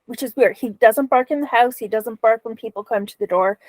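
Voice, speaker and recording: A woman's voice: a little high, a little fast, no room sound, rough recording. A woman in casual chat, talking matter-of-factly.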